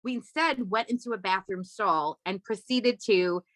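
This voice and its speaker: Young adult woman, comedy writer guest, animated raunchy storyteller, sharp bright voice, dry close sound. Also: moderate pace, no echo. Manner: animated, swears a lot, acts out quoted voices high and loud. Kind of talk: casual storytelling on a podcast.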